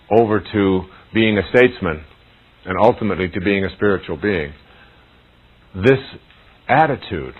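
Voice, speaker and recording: A man giving a slow, deliberate spiritual talk to an audience. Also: low voice. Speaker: motivational speaker. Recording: tinny phone-like recording with faint music.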